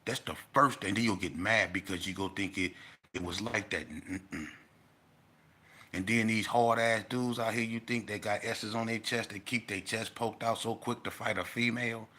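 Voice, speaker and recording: A man's voice: fairly low pitch, steady tone, normal speed, sharp tone, breathy edge. A middle-aged man telling a blunt, slang-heavy story straight to his audience. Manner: blunt, street slang, addresses the audience directly. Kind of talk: casual storytelling to camera.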